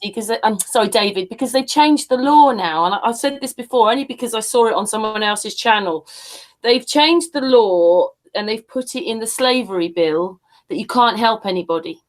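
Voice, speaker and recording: A woman hosting a panel chat, chatty and quick to apologise. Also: on the high side, lively intonation, poor audio.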